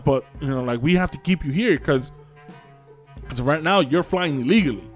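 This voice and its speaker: A man co-hosting a casual podcast, retelling a story with lively acted-out quotes and plenty of swearing. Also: on the high side, fairly quick, soft background music. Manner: animated storyteller acting out quoted voices, swears freely. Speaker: podcast co-host.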